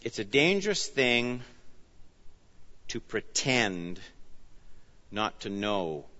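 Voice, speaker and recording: A man preaching an expository sermon, earnest and emphatic, often dropping low and soft on key phrases. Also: sing-song, drawn-out words. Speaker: pastor. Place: church. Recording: dull sound, long reverb of a church hall.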